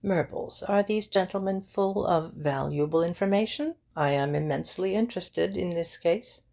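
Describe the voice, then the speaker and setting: A woman voicing a brisk, talkative male barrister who speaks in an effusive, emphatic way. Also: lowish voice, gravelly, warm tone, pitched above the performer's own voice.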